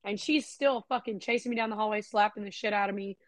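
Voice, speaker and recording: A woman's voice: medium pitch, fairly even intonation, fast, no echo. A young adult woman co-hosting a podcast, telling frank, profane stories in casual chat. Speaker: podcast co-host.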